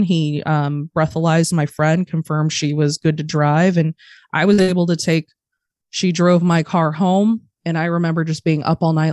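A young adult woman on a podcast, candidly telling a personal story in a profane, animated way and acting out the voices of the people in it. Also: deep voice, no echo, studio quality. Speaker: podcast guest.

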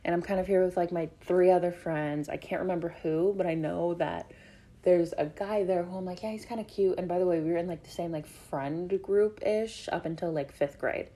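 A young woman with a somewhat low voice hosts her own show in a loose, chatty way. She rambles through her stories, piling on fillers and tossing in swear words when flustered. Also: fairly even intonation, moderate pace, warm tone. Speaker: podcast host. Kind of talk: casual storytelling chat.

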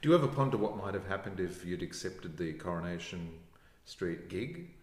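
Male host interviewer, low voice with lively intonation, echoey recording. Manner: engaged, quick affirmations. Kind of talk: interview questions. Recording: echoey room.

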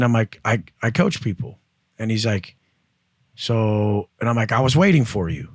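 A man's voice: fairly low pitch, expressive, normal speed, dry recording, studio quality. A man speaking as a guest entrepreneur and coach, telling blunt, profane stories and acting out the voices of the people in them. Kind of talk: casual interview storytelling.

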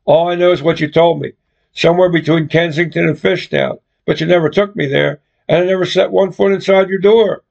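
A man's voice: on the high side, steady tone, brisk, vocal fry, darkish tone. A man voicing a fed-up young woman who confronts her boyfriend bluntly and swears freely, on a dull lo-fi recording. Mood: resentful.

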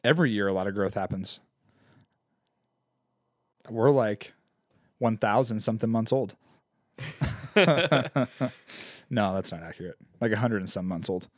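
A man in his late twenties co-hosting a casual podcast, relaxed and rambling, chuckling now and then. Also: fairly low pitch, a little slow, pauses often, no echo, studio quality. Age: 20s. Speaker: podcast co-host.

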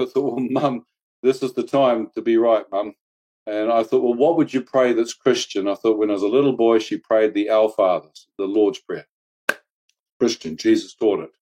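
A man, earnestly recounting a personal near-death testimony with reflective pauses and wry humor. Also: medium pitch, warm tone. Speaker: guest telling his testimony.

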